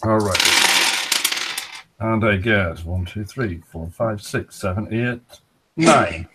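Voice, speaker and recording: A man playing a tabletop game, lively and boisterous as he declares his attack and counts his dice. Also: fairly low pitch, takes it slowly, heavy background noise. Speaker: player. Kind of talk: casual tabletop play.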